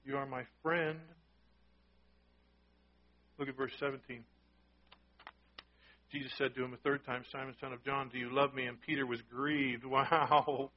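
A man's voice: mid-range voice, fairly even intonation, a little slow, long pauses, dull audio. A man preaching a sermon, talking conversationally and often asking the congregation questions. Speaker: pastor.

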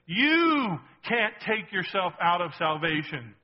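A man preaching a sermon in a lively, conversational way, asking the congregation questions as he goes. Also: sits high, slow pace, lo-fi sound. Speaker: pastor.

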